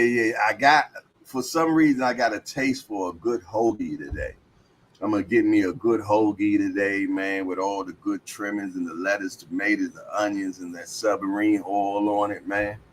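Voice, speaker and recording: A man hosting a livestream, chatting casually and reading viewer comments aloud with a laid-back, slangy manner. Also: fairly low pitch. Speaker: livestream host.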